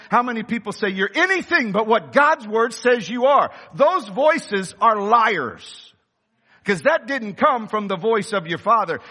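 A man preaching a sermon with impassioned delivery, rising to shouts at the high points. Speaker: pastor. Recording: long reverb of a large hall.

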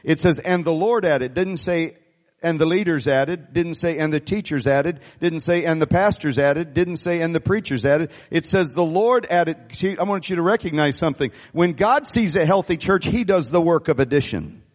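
A man preaching a sermon as pastor, animated and calling on the congregation to respond. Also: a little high, normal speed, in a large hall. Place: church sanctuary.

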